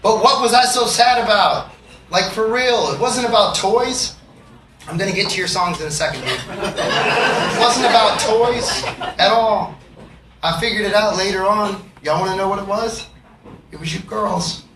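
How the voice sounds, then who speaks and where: A man's voice: sits high, moderate pace. A man telling profane, joking stories to a concert audience between songs and acting out the people in them. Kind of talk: storytelling to a live audience. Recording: roomy far-off live recording with crowd noise.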